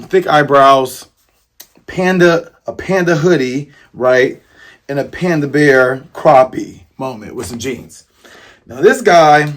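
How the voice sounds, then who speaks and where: A man hosting a casual, rambling manga review, jokey and slangy with lots of tangents. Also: sits high. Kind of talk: casual commentary.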